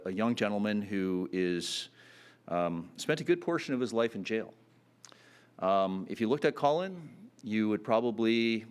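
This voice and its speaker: A man giving a campaign speech at a public announcement, earnest and full of fillers and restarts. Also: lowish voice. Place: announcement event.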